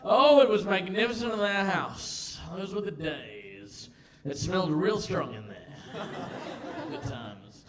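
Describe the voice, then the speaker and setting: Man, stand-up comic, very high voice, lively swoops. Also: takes it slowly. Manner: loud, excitable, theatrical outbursts. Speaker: stand-up comedian and compere. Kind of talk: stand-up comedy.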